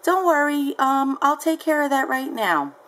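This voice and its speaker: A woman's voice: high voice, animated, a little slow, a bit bright, pitched above the performer's own voice. A woman voicing a nonchalant, sugary female buyer brushing off a problem on the phone. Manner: sugary, dismissive reassurance.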